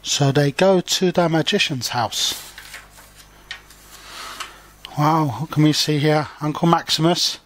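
A man's voice: a little high, slow, long pauses, fairly bright tone, slight background noise. A man reading a children's picture book aloud for language learners and explaining it in simple words. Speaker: storybook reader and language teacher.

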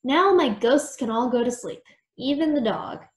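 A woman's voice: high voice, animated, moderate pace. A woman voicing a sleepy young male mouse kept awake by ghosts, in a weary, pleading way, in a storybook reading. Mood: relieved. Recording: echoey room.

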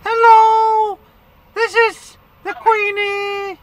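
A man doing a shrill prim old queen. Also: monotone, extremely slow, noisy background, heavily acted. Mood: wheedling. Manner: prim, prattling, pleading. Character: elderly female monarch begging for money. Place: inside a van.

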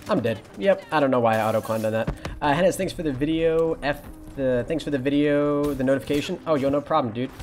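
A young college guy with a fairly high voice talks fast over soft background music. He's streaming a shooter game, chatting in a relaxed way and reading out and replying to his viewers' messages.

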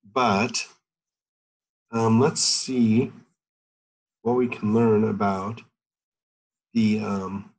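Husky, low-voiced man lecturing hesitantly. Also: flat delivery, very slow, long pauses, poor audio. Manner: hesitant, thinking aloud with many fillers. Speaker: chemistry lecturer. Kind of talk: university lecture over a video call. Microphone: computer mic on a video call.

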